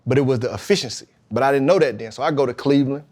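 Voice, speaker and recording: A man, a pro football player, talking as a podcast guest, telling his story about faith and football in a lively, emphatic way. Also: medium pitch, very fast. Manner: emphatic, animated retelling with acted-out quotes.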